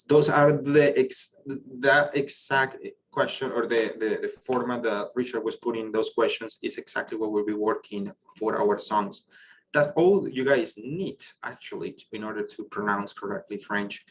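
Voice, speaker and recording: Over a computer mic, a man with a lowish, slightly bright voice teaches an online French class. He explains pronunciation step by step and praises students' questions, speaking English with non-native phrasing. The recording is rough, with slight background noise.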